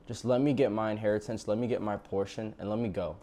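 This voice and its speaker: A man's voice: fairly low pitch, fairly even intonation, fast talker, dark tone, close to an everyday voice. A man voicing a restless young son who impatiently demands to leave home. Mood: fed up.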